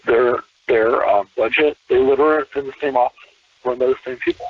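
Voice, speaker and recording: A man, a podcast guest, talking in an animated casual way with many restarts and repeated words. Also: medium pitch, normal speed, no room sound, far from the mic. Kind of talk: casual conversation. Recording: tinny phone-line call.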